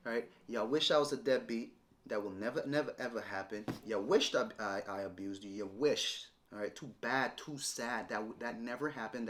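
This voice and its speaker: This man in his thirties, a mid-range and slightly bright voice over faint background noise, addresses his ex-partner directly to camera. Confrontational and lecturing, he keeps returning to the same arguments, his voice swinging up and down as he presses each point.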